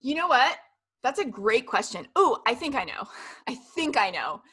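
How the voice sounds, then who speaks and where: A woman's voice: high voice, sing-song, normal speed, breathy edge. A woman in her thirties, a business coach, chatting casually and cheerfully as a podcast guest. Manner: upbeat, warm, laughs easily. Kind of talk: casual interview chat. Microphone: video call.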